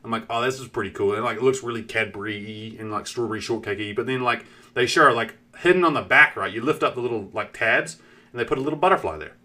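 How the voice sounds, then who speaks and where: A man's voice: medium pitch, quick pace, pushed and bright. A man streaming and chatting casually, rambling with lots of fillers and swearing while acting out what people said. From New Zealand. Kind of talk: casual chat.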